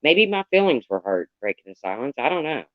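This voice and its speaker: Man, casual livestreamer, chatty and candid, muffled lo-fi audio, mid pitch. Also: big pitch swings, fairly quick, no echo. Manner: rambling and candid, greets viewers by name.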